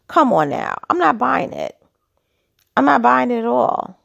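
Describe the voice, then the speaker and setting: A commentary vlogger offers casual, opinionated takes and skeptical rhetorical questions, her throat slightly dry. Her fairly high voice is sing-song, unhurried, creaky and a bit bright.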